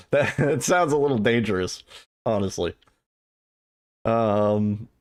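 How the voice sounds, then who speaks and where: A man's voice: lowish voice, slow. Guy streaming from home, just rambling to chat before his run, swears a bit, super chill. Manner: rambling, relaxed, casually profane, answers chat. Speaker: livestreamer and speedrunner. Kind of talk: casual livestream chat.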